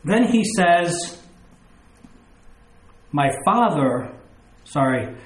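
A man delivering a sermon with a slightly higher-than-average voice. He reads scripture aloud and then unpacks it with plain everyday examples and questions to the listeners. The room gives his voice a noticeable echo. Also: big pitch swings, slow pace, long pauses. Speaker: preacher.

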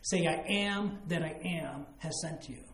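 A man's voice: a little high, measured pace, a bit bright, echoey room, a little hiss or hum. A man preaching a sermon, explaining scripture with emphatic asides and acted-out quotes. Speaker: pastor.

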